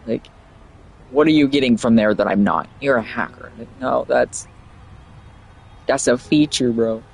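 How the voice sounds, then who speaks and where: A man's voice: medium pitch, a little slow, gravelly, a little hiss or hum. A young man streaming a video game, chatting in a rambling, jokey way and laughing often. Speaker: livestreamer. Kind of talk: casual gameplay commentary. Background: faint game music.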